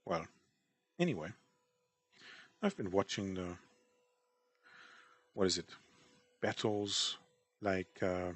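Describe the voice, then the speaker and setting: A man's voice: sits low, slow, pauses often, a bit bright. A man chatting casually while drawing on stream, rambling and self-deprecating about his work. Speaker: artist streamer.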